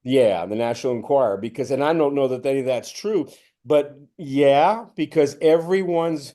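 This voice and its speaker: A man speaking as a spiritual teacher, telling a personal story and acting out his own inner voices, which rise to a strained high pitch. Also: normal speed, warm tone. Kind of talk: reflective spiritual talk.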